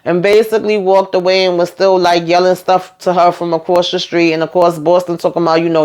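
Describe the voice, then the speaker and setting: A woman's voice: fairly low pitch, flat delivery, a little fast, hardly any pauses, darkish tone, smooth. Sassy woman recapping reality TV. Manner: sassy, opinionated, chatty. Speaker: reality show recap host. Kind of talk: casual commentary on a reality TV episode.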